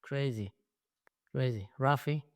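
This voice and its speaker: A man's voice: medium pitch, slow pace. A young adult man hosting a podcast, telling a story with animation and acting out scenes in casual conversation. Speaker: podcast host.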